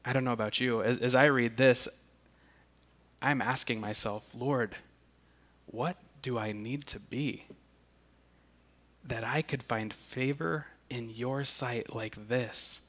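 Guy preaching a sermon real slow, steady middle pitch, repeats words on restarts. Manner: slow and deliberate, with emphatic restarts. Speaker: pastor.

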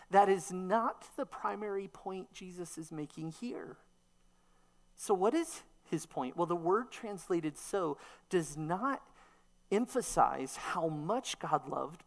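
A woman preacher delivering a sermon, teaching emphatically and posing rhetorical questions. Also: mid-range voice.

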